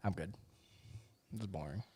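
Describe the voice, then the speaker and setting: A man co-hosting a podcast in casual chat, laid-back and laughing often, with quiet mumbled asides. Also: deep voice, measured pace, husky. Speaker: podcast co-host.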